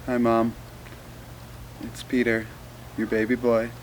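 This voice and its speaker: Man calmly sharing an early memory. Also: mid-range voice, takes it slowly, slight background noise, low-quality recording. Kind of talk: heartfelt message to camera.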